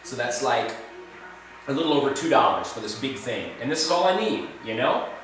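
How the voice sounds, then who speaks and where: A man's voice: medium pitch, very animated, a little fast, fairly bright tone, recorded from a distance, slight background noise. A man rambling casually in a food vlog, chatty and self-deprecating, recorded in an echoey room away from the mic. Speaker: food vlogger. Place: indoors in Serbia, roomy space.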